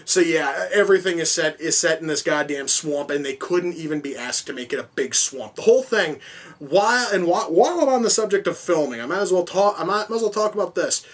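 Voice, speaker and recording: A man's voice: on the high side, expressive, fairly quick. A man giving a casual, profane, exasperated film review, rambling as he goes.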